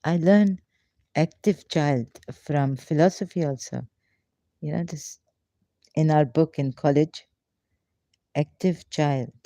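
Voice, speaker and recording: A man's voice: fairly high pitch, mellow, no echo. A man reading a prayer aloud, then breaking off to comment on it, speaking English in non-native phrasing, repeating chanted phrases, laughing and mocking himself. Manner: slow, halting delivery with repeated chanted phrases. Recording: dull lo-fi dry recording.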